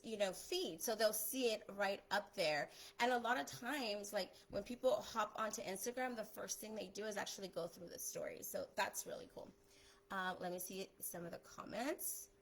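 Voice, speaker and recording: A woman in her thirties, a photographer hosting a live stream, talking through social media tips in an excited, chatty way with lots of fillers. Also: mid-range voice, low-quality recording.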